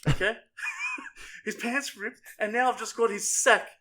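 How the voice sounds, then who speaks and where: A little slow and sharp-toned, with a high voice and fairly even intonation, a young podcast co-host recounts crude stories loaded with profanity. He laughs a lot and swears freely, keeping the chat rowdy and casual.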